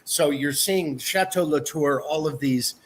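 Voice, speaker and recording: A man's voice: fairly high pitch, unhurried. A man from the American Midwest presenting a cruise line in an upbeat sales style, with fillers. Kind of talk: presentation to an online audience.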